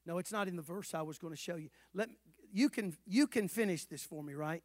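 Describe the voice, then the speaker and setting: A man preaching a sermon as pastor in a church, swinging between shouted calls and soft low asides, asking the congregation questions and calling for responses. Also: a little fast, no room sound, studio quality. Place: church sanctuary.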